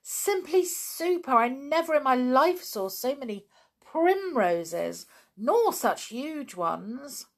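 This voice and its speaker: A woman voicing a gentle, excitable young girl in a storybook reading. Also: medium pitch, measured pace, gravelly. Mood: excited.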